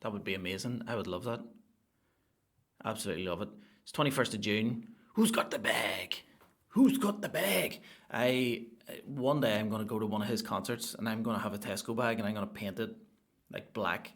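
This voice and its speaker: A young adult man with a Northern Irish accent hosting a solo comedy podcast, rambling and animated, swearing freely. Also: fairly low pitch, fairly quick. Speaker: podcast host.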